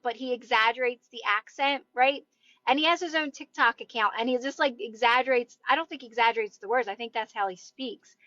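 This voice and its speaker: A woman's voice: high voice, a bit bright, dry recording, highs cut off. A woman in her thirties with a Delaware County, Philadelphia-area accent, chatting casually on a live stream, rambling and greeting viewers. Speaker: TikTok live host. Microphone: phone.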